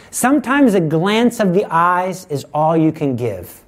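A middle-aged man giving a conversational sermon, teaching with lively examples and acted-out quotes. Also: sits high, unhurried, hardly any pauses. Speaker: preacher.

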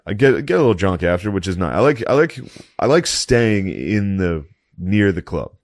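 Man, very low voice, dry close sound, casual podcast storytelling, profane and indignant. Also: sing-song, moderate pace, no room sound. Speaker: stand-up comedian.

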